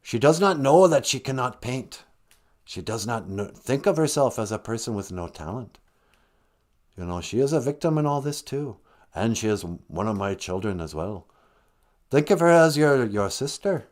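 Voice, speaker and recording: A man putting on an all-knowing deity who speaks in a lilting put-on brogue and hands out grand, folksy sermons. His pitch swoops widely as he moves from lofty proclamations to homely advice, in an improvised comic skit. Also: very animated, moderate pace, darkish tone, close to an everyday voice. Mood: preachy. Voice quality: lilting put-on brogue, calls her "me daughter". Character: Great Spirit, an all-knowing male deity, gently preachy.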